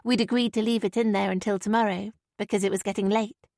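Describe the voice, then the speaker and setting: A woman's voice: mid-range voice, steady tone, fast talker, a little mellow, no echo, studio quality, lightly acted. A woman voicing a weary young granddaughter.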